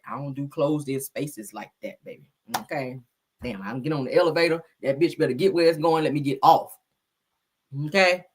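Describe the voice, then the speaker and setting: A woman hosting a casual commentary chat, talking loud and profane, laughing often as she tells stories. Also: low-pitched, slightly rough. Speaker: host.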